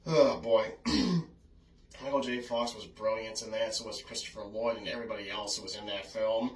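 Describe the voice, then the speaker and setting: A man's voice: fairly low pitch, steady tone, normal speed. A man reviewing films in casual, rambling talk, apologetic and given to small chuckles. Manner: chatty, apologetic, frequent "oh, goodness" and chuckles. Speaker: film reviewer vlogger. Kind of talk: casual rambling film memories. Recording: echoey room, mic at a distance.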